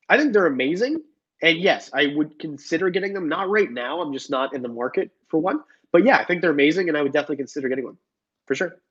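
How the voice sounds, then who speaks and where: The host of this casual reptile livestream is a young man with a husky, fairly high voice who jokes and reads viewers' chat comments out loud. The stream audio sounds dull and lo-fi.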